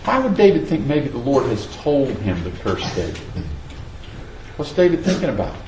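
A man's voice: medium pitch, big pitch swings, normal speed, darkish tone, echoey room, a little hiss or hum, low-quality recording. A man preaching a sermon, reading scripture dramatically and asking the audience rhetorical questions. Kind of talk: expository sermon.

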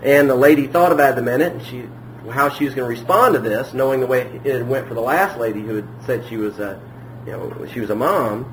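A pastor preaching a sermon in a relaxed, conversational way, with frequent fillers and restarts. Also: male voice, medium pitch, fast talker, slight background noise, rough recording.

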